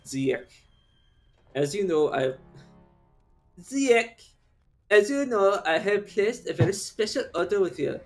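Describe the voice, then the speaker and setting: A man's voice: mid-range voice, slow, pauses often, darkish tone, faint music behind, close to an everyday voice. A man putting on a funny accent to voice a haughty, formal male patron demanding a prompt delivery. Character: pompous male patron demanding his order.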